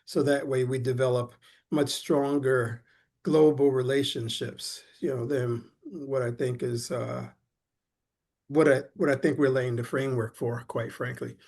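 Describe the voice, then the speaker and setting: A man's voice: medium pitch, steady tone, unhurried, darkish tone. A man in an online group discussion who muses hesitantly, restarting his sentences often. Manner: hesitant, lots of restarts and fillers. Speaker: panel participant.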